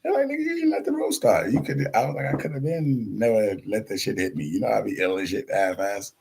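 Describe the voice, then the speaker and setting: A man rambles through stories in a loose, slangy, profane monologue, acting out the voices of the people in them. His voice sits very low, with a gravelly edge and a husky, rough tone. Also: big pitch swings, brisk, darkish tone. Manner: loose storytelling, slangy, profane, acts out quoted voices, laughs often.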